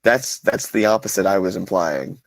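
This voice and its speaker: A man's voice: low-pitched, normal speed, dry recording, rough recording. A man playing a tabletop game in character, hesitant and rambling with many restarts. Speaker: player.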